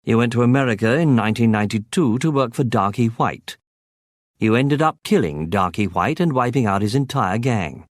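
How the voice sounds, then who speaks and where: A man's voice: on the high side, very animated, normal speed, no room sound, clean studio sound, pitched above the performer's own voice. A man voicing a suave upper-class English male intelligence agent with a breezy, mocking manner in an audiobook. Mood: placid. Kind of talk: audiobook character voice.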